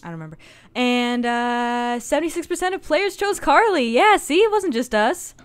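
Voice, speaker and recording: Young American woman, let's play host, chatty and jokey, a little high-pitched. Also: big pitch swings, moderate pace, clear, resonant tone. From United States. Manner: chatty, swears, laughs, jokey. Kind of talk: casual gameplay commentary.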